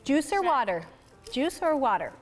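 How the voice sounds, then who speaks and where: A woman's voice: high voice, sing-song, normal speed, soft background music. A woman teaching a baby sign language class indoors, cheerfully coaxing and praising toddlers and chatting with their parents. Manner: upbeat, coaxing and praising little children. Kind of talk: leading a toddler signing class.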